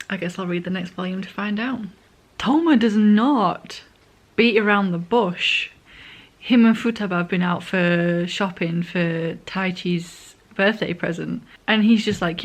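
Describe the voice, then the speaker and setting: A woman's voice: mid-range voice, fairly even intonation, moderate pace. A woman, casually recapping a manga in a rambling, chatty way, sometimes correcting herself and eating as she talks. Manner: eating while talking. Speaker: vlogger.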